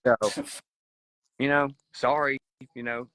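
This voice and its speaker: Appalachian male musician guest, mid pitch, jokey and profane, on a video call. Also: slow pace, poor audio. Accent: Southern US, Appalachian. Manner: relaxed, joking, swears freely. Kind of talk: casual chat. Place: his barn, indoors.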